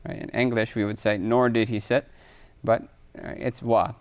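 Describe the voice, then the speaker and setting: A man's voice: mid-range voice, level tone, normal speed, clear, resonant tone. A man teaching an Arabic grammar lesson, explaining patiently and reading Arabic examples aloud, often checking in with "right?". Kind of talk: recorded online lesson.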